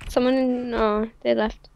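A woman with a slightly raised pitch talks over a voice call while playing a game with friends. She giggles often and protests quickly when teased. Her speech is loose, casual and unscripted. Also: flat delivery, creaky, darkish tone. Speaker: gamer recording her own video. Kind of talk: casual gaming chat.

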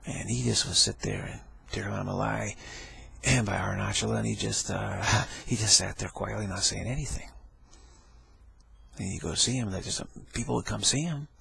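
A man with a low, heavily gravelly, husky voice rambles through a spiritual talk. He laughs often, repeats himself and acts out the people he quotes. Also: moderate pace, bright, forceful tone. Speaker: spiritual teacher.

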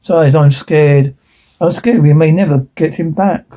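A man reading a show transcript aloud in one voice, stage directions included, in a flat, stumbling way. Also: a little high, a little slow.

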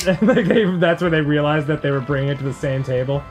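A man in his thirties rambles through stories while playing a game, often laughing and breaking into loud mimicked voices. His voice sits a little higher than most men's. Faint music plays under the talk. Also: fast. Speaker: co-host. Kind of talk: casual storytelling while gaming.

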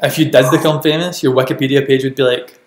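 A young man hosting a podcast, asking questions in a relaxed, teasing way with frequent giggles. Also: medium pitch, fast talker. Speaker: podcast host. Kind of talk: casual interview chat. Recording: echoey room.

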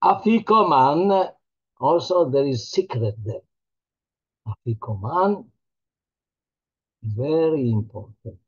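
A man, a rabbi, teaching a holiday Torah class in a halting, earnest way, often repeating his words. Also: on the high side, expressive, slightly rough, dull audio.

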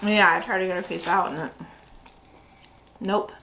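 Woman, snack review host, casual chat, chatty, thinks aloud, mid pitch. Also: steady tone, normal speed, vocal fry, pushed and bright, slight background noise, poor audio.

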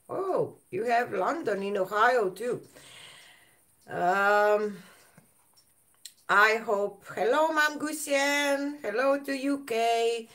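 A woman chats on her art live stream at a very unhurried pace. She greets viewers one by one and her speech is halting, full of ums and uhs. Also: mid-range voice. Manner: halting, many fillers, greets viewers by name. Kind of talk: casual live-stream chat.

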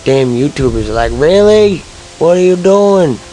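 A man's voice: on the high side, expressive, a little slow, warm tone, faint music behind, poor audio. A man commenting casually while playing a video game, frustrated and swearing a lot. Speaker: let's-play gamer.

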